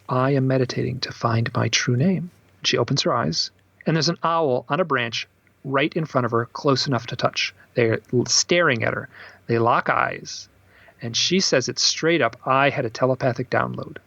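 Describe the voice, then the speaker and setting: Male author as podcast guest, husky and gravelly, animated storyteller, dull dry recording. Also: mid-range voice, no room sound. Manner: animated storyteller acting out quoted voices. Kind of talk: storytelling in a casual interview.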